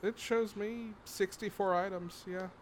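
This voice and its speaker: A man's voice: sits high, steady tone, unhurried, a crowd in the background. A man co-hosting a casual podcast, chatting in a playful, jokey way. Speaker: podcast co-host.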